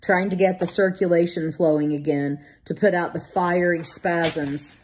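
A woman narrating a novel as an audiobook in a measured, vivid storytelling manner. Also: fairly low pitch, fairly even intonation, darkish tone, husky. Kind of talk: scripted narration.

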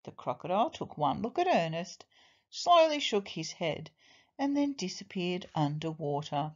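A woman teacher reading a children's storybook aloud in an expressive, deliberate way. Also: lowish voice, muffled recording.

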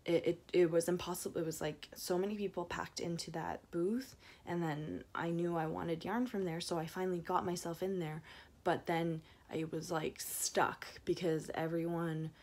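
Lowish-voiced woman chatting through a vlog recap, lots of ums and restarts. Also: fairly even intonation, moderate pace, a little mellow. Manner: chatty, rambling with many fillers and restarts. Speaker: knitting vlogger.

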